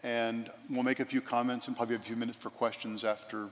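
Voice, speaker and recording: A man teaching biblical counseling and leading a session in a calm, measured voice. He speaks steadily and with care. He often turns back to scripture. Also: mid-range voice, long reverb tail. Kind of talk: teaching and counseling role-play.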